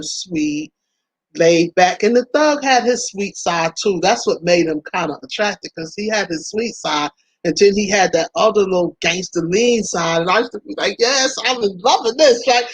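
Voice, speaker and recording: A woman's voice: lowish voice, slightly rough, no echo. A woman hosting her own channel, chatting candidly about past relationships, laughing often and talking to listeners as y'all. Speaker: vlog host.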